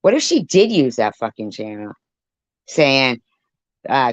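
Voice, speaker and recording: A woman's voice: rumbling low, big pitch swings, unhurried, no room sound. A woman livestreaming a heated, profane rant, snapping back at people in her chat. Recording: dull lo-fi stream audio.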